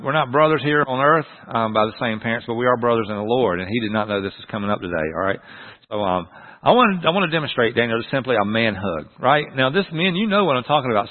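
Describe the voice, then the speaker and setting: Man, sermon, animated and folksy, thin lo-fi audio. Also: mid-range voice. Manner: folksy, animated preaching with humor. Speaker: pastor. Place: church. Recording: tinny phone-like sound.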